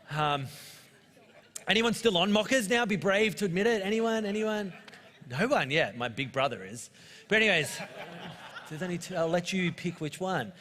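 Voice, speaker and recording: A man's voice: fairly high pitch, fairly bright tone, long reverb tail. A man in his thirties with an Australian accent, a pastor giving a conversational, joking sermon full of personal stories. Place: church auditorium.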